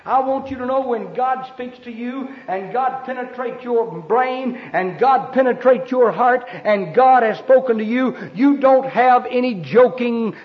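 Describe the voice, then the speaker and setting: A man preaching a sermon, emphatic and fervent, breaking into sudden shouts. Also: very high voice, unhurried, hardly any pauses. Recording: dull lo-fi sermon recording.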